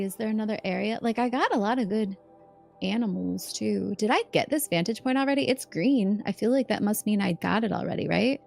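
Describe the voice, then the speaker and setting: A woman's voice: a little high, vocal fry. A young woman streaming a video game, chatting casually and playfully and laughing often. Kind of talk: casual live-stream chat while gaming.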